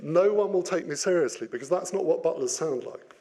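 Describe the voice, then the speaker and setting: A man giving an interactive business talk, lively and playful, putting questions to his audience. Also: on the high side, fairly quick. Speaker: business speaker.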